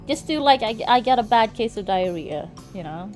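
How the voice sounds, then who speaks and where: A woman's voice: on the high side, moderate pace, few pauses, soft background music. A young woman live-streaming a game, chatting casually and swearing freely as she talks to her viewers. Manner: animated, swears freely, talks straight to chat. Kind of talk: casual gaming stream chat.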